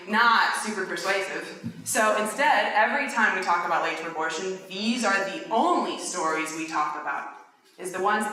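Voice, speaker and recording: A woman around thirty giving a conference presentation, talking conversationally and checking in with the audience with quick "okay?" tags as she argues point by point. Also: medium pitch, pushed and bright, slight background noise. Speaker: conference speaker. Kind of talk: lecture-style presentation. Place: large university lecture hall. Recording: echoey hall, distant mic.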